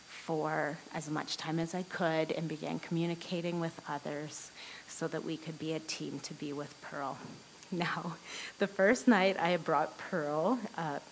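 A woman speaks slowly and unhurriedly, sharing a personal devotional story with a women's group. Her voice sits a little low for a woman. She is earnest and often breaks into a soft laugh mid-sentence. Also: a little hiss or hum, rough recording.

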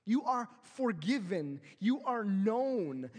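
Man, pastor, preaching a sermon, high voice, earnest, long hall reverb. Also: expressive. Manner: earnest preaching that swells louder and slows on key phrases.

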